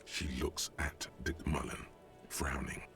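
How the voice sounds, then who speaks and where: A deep, gravelly male narrator for a detective game, his voice sitting at the very bottom of the register. He speaks in slow, measured phrases of scripted narration. Music plays faintly behind him. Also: flat delivery, full character voice. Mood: wry. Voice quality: gravelly, very low.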